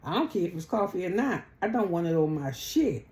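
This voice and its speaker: A woman's voice: lowish voice, very animated, brisk, darkish tone. A woman recapping a reality show in blunt, sassy, profane casual chat. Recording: echoey room.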